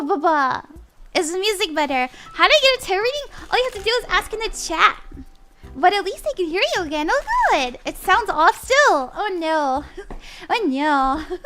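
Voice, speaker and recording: Very high, bright young woman streamer. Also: slight background noise. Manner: bubbly, giggly, flustered while fixing audio. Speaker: tarot reader streamer. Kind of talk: live-stream tarot reading and chat.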